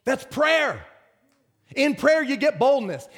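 High-voiced preaching pastor. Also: male voice, normal speed. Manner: animated preaching, swings from shouts to whispers. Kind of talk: sermon.

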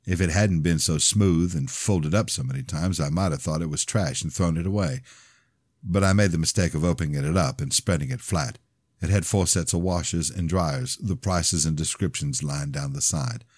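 A man narrating his own novel as an audiobook in the first person, in a plain, steady storytelling manner. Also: extremely low pitch, moderate pace, no room sound, clean studio sound.

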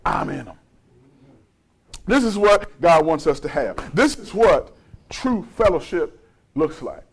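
Pastor, male; high, swooping preaching voice, call-and-response cadence. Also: animated, measured pace, low-quality recording. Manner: call-and-response preaching, rising to shouts then dropping low. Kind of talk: sermon.

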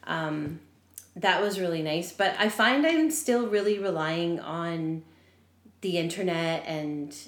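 A woman's voice: lowish voice, expressive, slow pace. Chatty woman, echoey room. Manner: chatty, many fillers and restarts. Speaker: podcast co-host. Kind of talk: casual chat.

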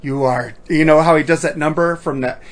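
A man's voice: a little high, steady tone, fast talker. A man chatting casually as a co-host, telling stories full of swearing and laughing at his own jokes. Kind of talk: casual profane chat.

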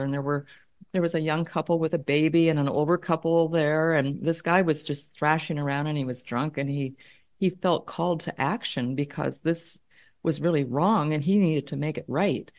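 Low-voiced middle-aged woman telling a story. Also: fairly even intonation, normal speed, a little mellow. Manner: thoughtful, repeats words as she works out her point. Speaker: conflict consultant and guest. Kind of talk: conversational storytelling interview.

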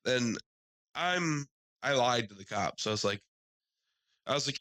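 A man telling a story in casual podcast chat, animated, acting out the people he quotes. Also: unhurried, pauses often, no echo, rough recording. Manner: animated, acts out quoted people in higher voices. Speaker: podcast co-host.

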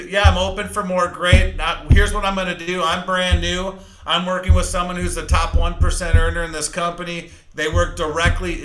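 Brief: energetic male sales coach, high bright voice, punchy and fast, roomy echo. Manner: fast-talking, energetic, emphatic. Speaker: sales trainer. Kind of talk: live training talk.

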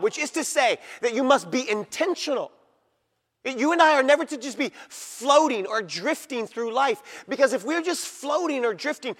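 A male pastor preaching a sermon, speaking straight to his listeners, pressing points with emphasis and slowing down to drop into a hush on key words. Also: extremely high pitch. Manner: addresses listeners directly. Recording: reverberant hall.

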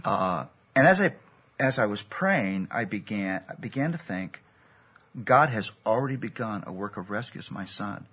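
A man's voice: on the low side, expressive, normal speed, a bit bright. A man preaching a sermon, telling a personal story in an earnest, storytelling way. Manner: gravelly, husky, earnest storytelling.

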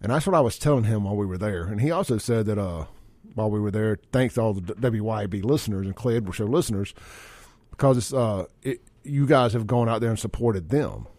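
A man's voice: fairly low pitch, fast, no echo. Blunt radio host man. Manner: blunt, animated storyteller. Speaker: radio talk show host. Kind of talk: casual radio talk. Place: radio studio.

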